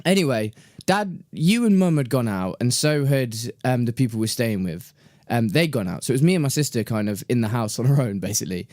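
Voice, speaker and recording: A man's voice: medium pitch, lively intonation, brisk, darkish tone, no echo, clean studio sound. A young man, co-hosting a casual podcast and telling rambling stories with frequent laughs. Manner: chatty, laughs often, rambling. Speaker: podcast co-host. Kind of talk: casual chat, storytelling.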